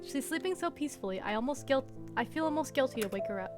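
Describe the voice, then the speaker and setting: Woman streamer, chatty, reads a story game live, higher voice, background music. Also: animated, fast, few pauses. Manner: chatty, reacts warmly to chat.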